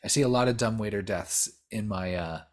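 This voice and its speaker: A podcast co-host chats casually about a horror film, rambling with many fillers, restarts, and swear words. His voice is lowish and fairly quick.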